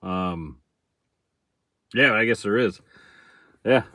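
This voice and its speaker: A man's voice: fairly low pitch, takes it slowly, no echo. A middle-aged man from central Michigan with a Michigan accent, chatting casually on a livestream about his fishing charters. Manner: relaxed, chatty, greets viewers by name, chuckles often.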